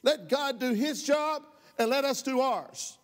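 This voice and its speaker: A man's voice: extremely high pitch, expressive, measured pace. A man preaching a sermon as pastor, folksy and impassioned, rising to heated outbursts. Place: church sanctuary. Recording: long hall reverb.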